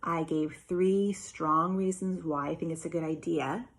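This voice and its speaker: A woman teacher, probably in her thirties, giving a remote lesson to young children, patiently and clearly sounding out letter sounds. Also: sits low, steady tone, measured pace. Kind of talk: remote phonics and writing lesson.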